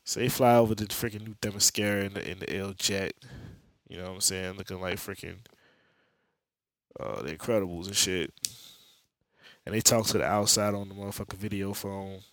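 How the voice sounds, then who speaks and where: A man's voice: deep voice, little pitch movement, fairly quick, pauses often, a bit bright, no room sound. A young man hosting a podcast, recapping a comic book story in streetwise slang with jokes and lots of profanity. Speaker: podcast host.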